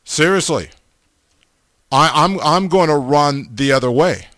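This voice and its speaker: A man preaching a sermon in a blunt, emphatic way, often stumbling over repeated words before he drives his point home. His voice sits a little high for a man, and he takes his time. The sound is dry and close. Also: expressive, a little slow, a bit bright, dry recording. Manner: blunt, repetitive, stammering restarts, emphatic.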